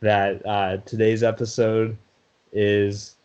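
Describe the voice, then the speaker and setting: A man's voice: lowish voice, level tone, slow, a little mellow, clear, resonant tone, highs cut off. A man co-hosting a sports podcast in casual chat, talkative, often laughing and restarting his sentences. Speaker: podcast co-host.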